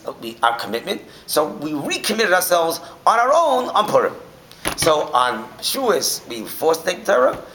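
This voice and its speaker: A man teaching a Torah class, telling stories in an animated way that swings from shouting to a near whisper. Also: mid-range voice, a little hiss or hum, poor audio.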